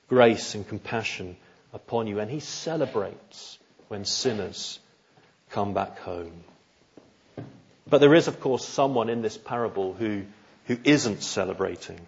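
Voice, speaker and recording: A man's voice: mid-range voice, husky, dull audio. A male preacher delivering a sermon in an earnest, emphatic way, asking rhetorical questions.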